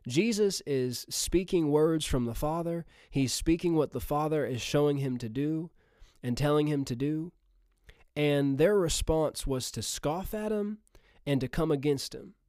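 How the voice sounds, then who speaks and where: A man's voice: fairly high pitch, animated, measured pace, a little mellow, no echo. Emphatic male preacher, dry sound. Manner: emphatic, repeats phrases, calls out to listeners. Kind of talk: sermon.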